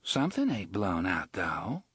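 A man voicing a bold, teasing young woman adventurer in an audiobook, with a husky tone. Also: deep voice, huge pitch swings, measured pace, a bit bright, dry recording, studio quality, full character voice.

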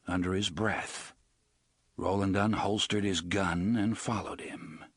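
A man reading an audiobook in a steady scripted narration, with a husky voice. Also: deep voice, a little slow, no echo.

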